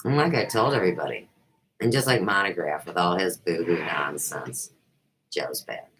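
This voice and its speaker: A woman's voice: very deep voice, lively intonation, normal speed, a bit bright, a little hiss or hum, low-quality recording. A middle-aged woman hosting a talk show, delivering a rambling, emphatic monologue. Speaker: host.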